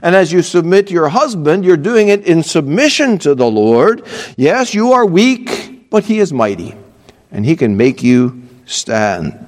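Male pastor, fairly high voice, emphatic sermon, echoing church hall. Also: very animated, unhurried. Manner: earnest, emphatic preaching with asides. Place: church pulpit.

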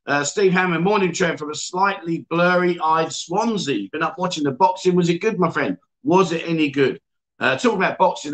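A man hosts a casual livestream from an indoor venue. His voice sits slightly higher than most men's. He rambles through viewer greetings with frequent fillers and restarts. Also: a bit bright, rough recording. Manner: chatty, reads viewer comments aloud with frequent fillers. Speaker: livestream host.

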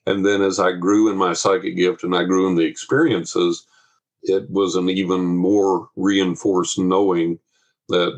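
A man with a low, husky voice tells a childhood story in a relaxed interview. He is lively and keeps slipping into the voices of the people in his tale. His voice has a slightly rough, breathy edge. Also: unhurried, poor audio. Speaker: guest telling his paranormal story.

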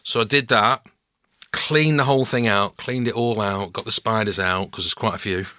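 Bright-voiced middle-aged Mancunian man. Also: on the low side, moderate pace, no room sound. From Manchester, England. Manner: relaxed storytelling, self-mocking asides. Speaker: guest actor and voice-over artist. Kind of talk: casual podcast chat.

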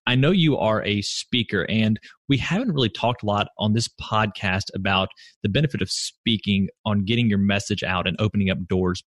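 A man hosting a podcast interview, asking questions in a measured, reflective way. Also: on the low side, dry recording, studio quality. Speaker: podcast host.

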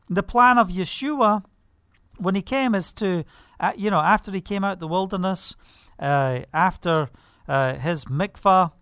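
A man's voice: high-pitched, a bit bright, smooth, no room sound. A man preaching a sermon, reading scripture aloud and stressing points with frequent hallelujahs. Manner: emphatic, punctuates with hallelujah.

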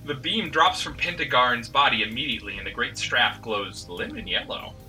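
A man's voice: mid-range voice, moderate pace, pushed and bright. A man hosting and narrating a tabletop adventure, breaking off for joking asides. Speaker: game master and host. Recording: distant mic with background music.

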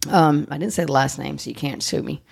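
A woman's voice: deep voice, fairly even intonation, a little fast, creaky, slightly rough. A woman hosting a podcast, chatting casually, blunt and joking, swearing freely. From United States. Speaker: podcast host. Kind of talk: casual chat.

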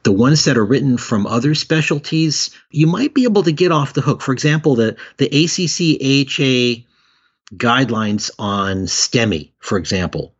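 A man, an emergency physician and expert witness, calmly explaining advice as a guest in an interview, often repeating words as he goes. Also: medium pitch, normal speed, breathy edge, muffled recording.

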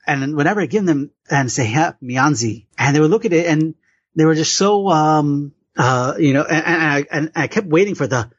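Rambling man with a slightly high voice. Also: a little fast, slightly rough, no echo, lo-fi sound. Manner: rambling, many restarts and fillers. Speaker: podcast host and author. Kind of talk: casual interview conversation.

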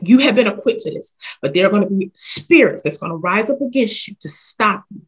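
A woman voicing a solemn male prophet who speaks in slow, grave commands, with a husky voice. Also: high voice, lively intonation, fairly bright tone, full character voice.

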